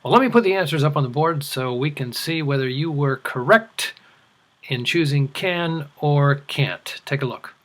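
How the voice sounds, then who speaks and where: A middle-aged man teaching an English lesson, enunciating slowly and deliberately for learners. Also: medium pitch, a bit bright. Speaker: ESL teacher. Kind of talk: scripted language lesson.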